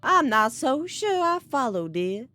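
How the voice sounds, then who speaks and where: A woman voicing a polite, soft-spoken older mother with a put-on Southern accent while reading a game aloud. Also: high-pitched, very animated, a little slow, soft background music, voice pushed up, full character voice. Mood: genteel. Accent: put-on American Southern. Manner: polite, gently concerned, lilting. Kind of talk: reading a visual novel aloud, doing voices.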